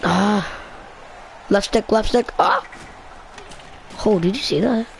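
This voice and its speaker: A man giving excited commentary while playing a video game, trash-talking the players on screen. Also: high-pitched, slow, gravelly, a little hiss or hum.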